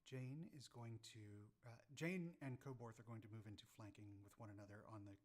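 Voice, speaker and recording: A man's voice: mid-range voice, expressive, fairly quick. A young man running a tabletop game as game master, narrating unhurriedly with many fillers.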